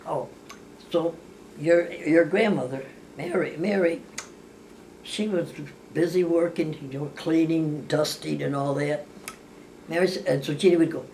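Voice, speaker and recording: An unhurried, low, mellow voice carries an older woman's casual family stories. She wanders through them, often restarting and correcting, and acts out the voices of those involved. Faint background hiss comes through the distant mic.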